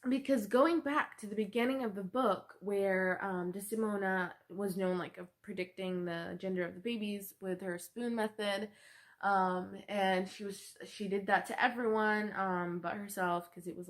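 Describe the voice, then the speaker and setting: A young woman student giving a book report presentation, talking hesitantly with many fillers. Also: medium pitch.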